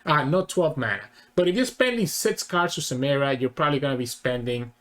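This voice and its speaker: A man's voice: medium pitch, animated, brisk, a bit bright. A man hosting a casual reaction video, rambling and correcting himself mid-thought. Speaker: channel host.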